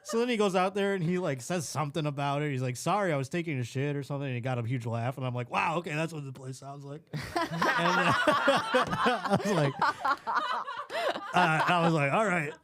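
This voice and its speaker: Animated man telling a comedy story. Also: on the high side, fairly quick, over a noisy crowd. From Buffalo, New York. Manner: animated, acts out scenes with quoted voices and laughs. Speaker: comedian guest. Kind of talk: casual podcast storytelling.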